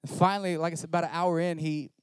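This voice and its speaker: Guy preaching, funny animated story, self-mocking, dry no-room sound. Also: a little high, racing, clean tone, no echo. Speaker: pastor. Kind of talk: storytelling sermon.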